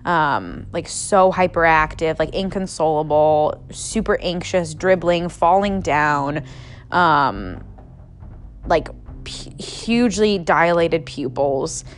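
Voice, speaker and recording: A woman's voice: deep voice, animated, slow pace. Young adult woman, casual podcast storyteller, filler-heavy and unfiltered, faint music bed. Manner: chatty, heavy use of "like", swears freely.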